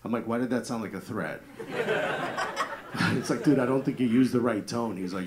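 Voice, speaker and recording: A man's voice: medium pitch, fairly quick, long pauses, very noisy. A man in his thirties with a New Jersey accent, doing a brash, profane stand-up set and riffing with the crowd in a live comedy club. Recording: live club audio with loud crowd laughter. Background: crowd laughing.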